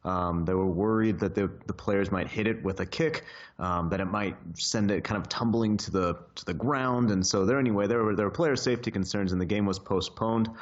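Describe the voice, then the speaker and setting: Low-voiced male football correspondent. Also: fairly quick, lo-fi sound. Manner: explains at length with fillers.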